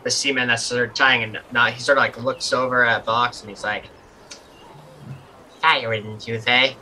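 A man runs a tabletop game as its game master, narrating scenes in a relaxed, halting way with plenty of fillers. His voice is bright and sharp-edged, sitting at an ordinary pitch, and a faint hum of noise runs under it.

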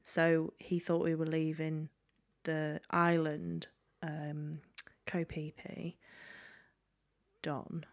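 A woman's voice: low voice, monotone, very slow, gravelly. Giggly woman telling rambling stories. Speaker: podcast co-host. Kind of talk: casual chat.

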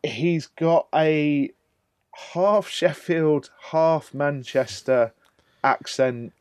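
A man's voice: on the high side, extremely slow, smooth, no echo, studio quality. A man hosting a casual film podcast, jokey and incredulous, leaning hard on his points. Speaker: podcast host.

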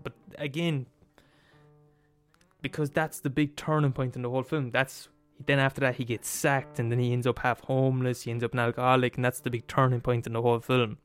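Male podcast host, mid-pitched, sweary comic rant with faint guitar music underneath. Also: little pitch movement, a little fast, clean tone. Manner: profane, emphatic, laughs at his own points. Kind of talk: comedic rant.

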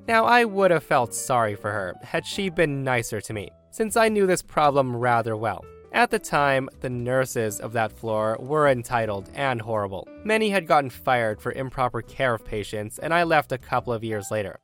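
Guy reading a reddit story, mid pitch, lively when doing the quotes, faint music behind. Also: moderate pace, hardly any pauses. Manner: animated, acts out the quoted lines.

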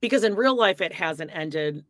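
A woman co-hosting a podcast over a video call, leading the topics in a steady, wry casual chat while coming down with a cold. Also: lowish voice, normal speed, no room sound, studio quality. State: coming down with a cold, clearing throat. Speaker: podcast co-host.

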